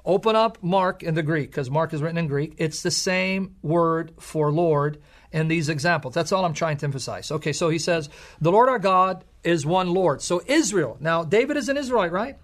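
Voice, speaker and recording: A man's voice: a little high, fairly quick. A man co-hosting a religious radio show, teaching emphatically and quoting scripture. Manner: emphatic, lecturing, quotes scripture. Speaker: co-host, Bible teacher.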